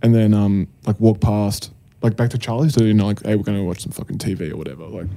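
A man with an Australian accent, co-hosting a podcast and telling a story in relaxed banter, full of fillers and swearing. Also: fairly low pitch, fast, gravelly. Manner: laid-back, swearing, storytelling with lots of fillers. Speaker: podcast co-host. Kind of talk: casual banter.

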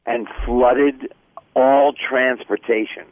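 A man's voice: mid-range voice, fairly even intonation, slow pace, no room sound. Older man joking down a phone line. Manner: chatty, jokey storyteller. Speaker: guest. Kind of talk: casual chat.

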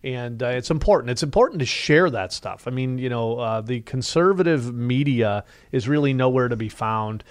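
A man co-hosting a financial talk radio show, pitching services with salesy energy and rising heat when riled up. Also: animated, moderate pace, hardly any pauses, dry recording.

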